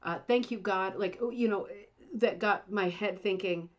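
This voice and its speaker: A woman's voice: medium pitch, unhurried, dull audio. Chatty rambling woman hosting a livestream. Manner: chatty, rambling, self-deprecating. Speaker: livestream host. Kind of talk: casual livestream chat. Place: home, Indiana.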